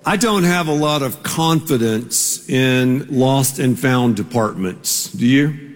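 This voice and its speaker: A man preaching a sermon as a pastor, telling a story in a slow, conversational way with small asides. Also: mid-range voice, animated, soft background music. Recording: long reverb of a large hall.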